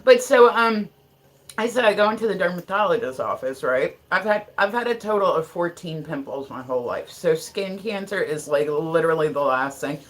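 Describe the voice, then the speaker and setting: A woman from Ohio hosts a casual livestream, chatting straight into her phone or webcam. Her voice sits a little low for a woman. She talks bluntly, swears freely and stops to greet people in the chat by name. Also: expressive, moderate pace. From Ohio, USA. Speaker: livestream host. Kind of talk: casual live-stream chat.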